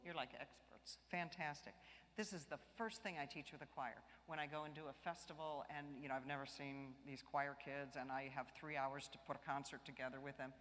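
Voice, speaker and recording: A woman choir director leading a live vocal warm-up workshop, demonstrating exercises by singing and encouraging the group with light jokes. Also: low-pitched, fairly even intonation, brisk. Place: large church. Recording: long church reverb.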